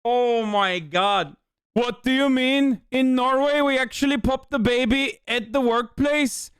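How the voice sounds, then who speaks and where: Young streamer guy, swears constantly, sarcastic riffs, high clean voice, dry sound. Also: a little slow, a bit bright, clear, resonant tone, no echo. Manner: profane, sarcastic, riffing. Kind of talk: casual stream commentary.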